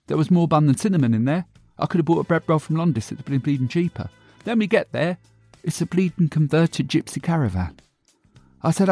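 Brief: man playing a loud, gushing hostess with a raised voice and faint music under her. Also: on the high side, dry recording. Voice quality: loud, chatty, swearing, theatrical. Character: brash, gossipy middle-aged Essex woman talk-show host. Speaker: podcast host. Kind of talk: comic character monologue.

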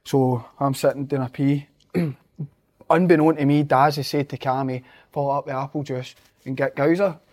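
A man's voice: medium pitch, steady tone, moderate pace, darkish tone. Scottish man swearing through laughing anecdotes. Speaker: footballer guest. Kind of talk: casual chat, storytelling.

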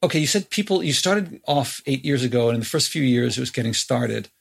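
Husky gravelly male interviewer. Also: mid-range voice, lively intonation, a little fast. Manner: reflective, thinks aloud in loose phrases. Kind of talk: conversational interview.

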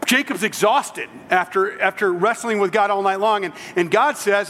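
A man's voice: high-pitched, moderate pace, fairly bright tone, slight background noise. Give me a male pastor giving a sermon, casual storyteller, with a long hall reverb behind him. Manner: conversational storytelling with humorous asides.

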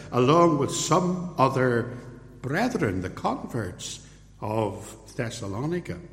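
A Northern Irish man in his sixties preaching through a Bible passage and telling stories along the way. His voice sits at an ordinary middle pitch and carries a long reverb, as if it were picked up in a large hall. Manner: anecdotal storytelling. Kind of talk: expository sermon.

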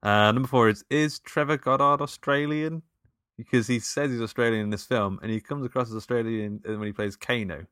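A man co-hosting a casual film podcast, reading quiz questions with loud stresses and laughing easily. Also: mid-range voice, fairly quick, clean tone, no room sound, studio quality. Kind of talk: casual chat.

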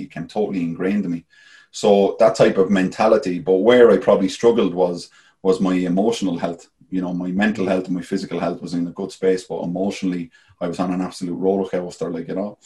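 A man's voice: low voice, flat delivery, quick pace, warm tone. An Irish man, a former goalkeeper, telling stories as a guest in a casual, rambling way, full of "like, you know.". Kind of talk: casual storytelling.

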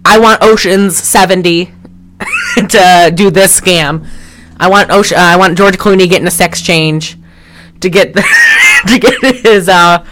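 A woman's voice: lowish voice, big pitch swings, measured pace, noisy background. A woman co-hosting a podcast, reviewing a movie in casual, rambling chat and swearing offhand. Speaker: podcast co-host.

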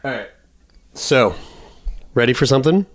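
A man in his thirties from Canada co-hosts a casual podcast. He rambles through his stories and pokes fun at himself. His voice sits at a middle pitch and sounds dry and close. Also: lively intonation, normal speed, dry recording. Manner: rambling, self-deprecating storyteller. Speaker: podcast co-host. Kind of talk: casual chat.

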